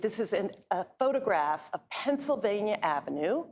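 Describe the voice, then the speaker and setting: A woman's voice: medium pitch, very animated, moderate pace, darkish tone, slight background noise. A woman law school dean giving a public lecture, gracious and lightly self-deprecating, speaking to an audience. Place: university event hall.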